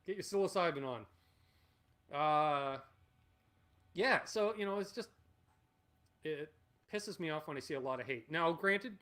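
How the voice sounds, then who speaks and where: A man in his forties with a somewhat high-set voice, hosting a relaxed livestream Q&A. He rambles from point to point, talks bluntly and swears freely. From Canada. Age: 40s. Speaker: channel host. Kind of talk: casual livestream Q&A.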